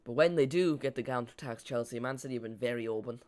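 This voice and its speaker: A man's voice: mid-range voice, quick pace, darkish tone. Chatty man hosting a watch-along. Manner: chatty, self-mocking, dry jokes. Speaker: live watch-along host. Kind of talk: casual live match commentary.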